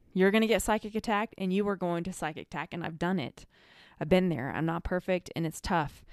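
A woman's voice: medium pitch, clear, resonant tone, dry recording, clean studio sound. A woman from the United States, an energy healer, giving earnest, conversational advice with many fillers. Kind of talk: casual advice monologue.

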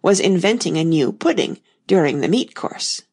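A woman's voice: lowish voice, animated, normal speed, a little mellow, husky. Woman reading as an earnest, bumbling old knight. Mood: solemn. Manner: earnest, solemn, rambling. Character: bumbling gentle old male knight inventor. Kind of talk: audiobook character reading.

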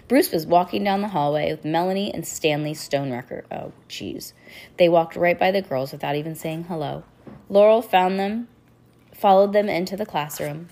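A woman's voice: on the low side, moderate pace, vocal fry. A young woman reading a children's chapter book aloud at home, voicing the characters and stopping to chat with her child. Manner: animated, breaks off to chat and laugh. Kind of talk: storybook read-aloud to a child.

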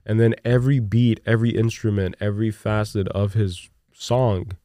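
A young man co-hosting a podcast in casual chat, rambling excitedly and peppering his talk with "look" and "dude". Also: fairly low pitch, moderate pace, no room sound, clean studio sound. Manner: animated and rambling, with many "look" and "dude" fillers. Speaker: podcast co-host.

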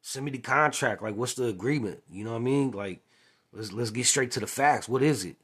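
A man speaks in a relaxed, conversational monologue with a slightly husky voice at a middle pitch. He retells past conversations by acting out each side, and he keeps checking in with "you know what I mean". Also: a little fast. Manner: chatty, keeps adding "you know what I'm saying". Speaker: former music manager. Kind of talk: casual storytelling monologue.

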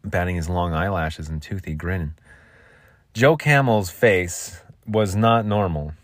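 A man's voice: low voice, slow, no room sound, studio quality. Rambling goofy man hosting a podcast. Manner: goofy, rambling, jokey asides. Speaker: podcast host. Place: makeshift home vocal booth.

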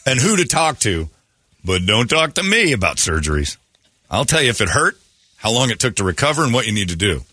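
A man's voice: mid-range voice, sing-song, brisk, sharp tone, no room sound, studio quality. A man in his fifties hosting a talk show, joking loosely and laughing often as he banters. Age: 50s. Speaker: radio show host.

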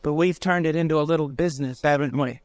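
A man's voice: on the high side, fast, darkish tone, no echo. A man preaching a sermon, urgent and direct, pleading straight with his listeners.

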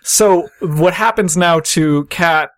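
A man's voice: on the high side, takes it slowly, no room sound, clean studio sound. A man running a tabletop role-playing game, narrating scenes with dramatic pacing. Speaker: game master.

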